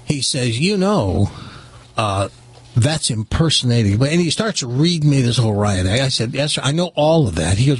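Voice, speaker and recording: Middle-aged guy telling stories, husky voice, bouncy up and down, does all the voices. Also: mid-range voice, normal speed. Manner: animated anecdote-telling, acting out dialogue. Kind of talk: casual storytelling.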